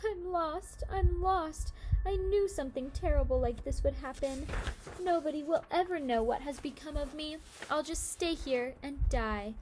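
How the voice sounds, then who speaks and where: A woman voicing a frightened, tearful little boy in a storybook reading, speaking in a high, sobbing voice. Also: lively intonation, measured pace, few pauses, dark tone, a little hiss or hum, full character voice.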